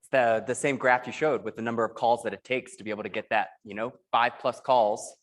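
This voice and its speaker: A man adding a quick point to a training talk. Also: medium pitch, fairly even intonation.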